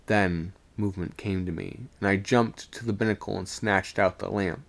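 A man reading a ghost story aloud on a live stream, slow and suspenseful. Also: deep voice, fairly even intonation, gravelly.

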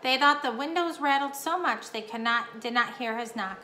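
Casting: a woman voicing a cocky young mouse hero, quick, bright delivery. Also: fairly high pitch. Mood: boastful. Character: small young male mouse, proud and boastful. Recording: echoey room, faint hum.

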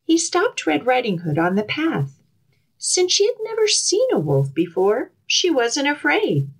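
A woman librarian reads a fairy tale aloud to children in an outdoor garden. Her voice swoops up and down with a storyteller's lilt, and she takes her time, speaking slowly and clearly. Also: high voice, rough recording. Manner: expressive, animated, storyteller's lilt.

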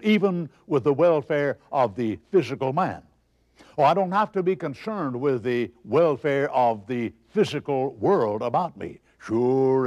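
A man's voice: mid-range voice, darkish tone, muffled recording. A man preaching a broadcast sermon, asking rhetorical questions and answering them himself with emphasis.

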